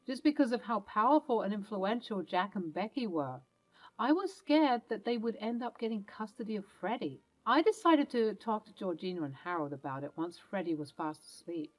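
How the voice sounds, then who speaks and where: A woman's voice: medium pitch, lively intonation, normal speed, rough recording. A woman telling a dramatic first-person story in an earnest narrating voice.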